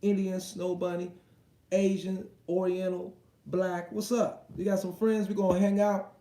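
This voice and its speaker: Male livestream host, raised pitch, dark mellow tone; slangy, profane, reacts fast to chat in an echoey room. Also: level tone, a little hiss or hum. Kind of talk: casual livestream chat, reading viewer comments aloud.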